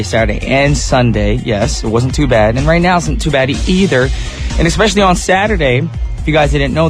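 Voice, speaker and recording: A male radio DJ talks live from the studio in a chatty, upbeat way, speaking straight to his listeners. He is a little sick, so his voice sits deeper than usual, though its pitch is still in an ordinary middle range. Soft music plays faintly underneath.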